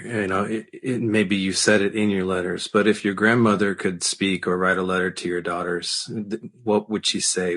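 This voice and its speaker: A man's voice: sits low, a bit bright, husky. A man co-hosting a parenting podcast, asking long questions with many restarts. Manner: rambling, restarting, affirming. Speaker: podcast co-host. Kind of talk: interview questions.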